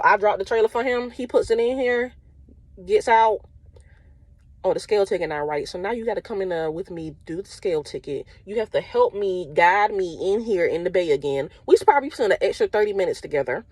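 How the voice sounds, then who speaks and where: A woman's voice: medium pitch, expressive, brisk, darkish tone, no room sound. A young woman truck driver, telling a story casually and animatedly, often laughing and quoting others.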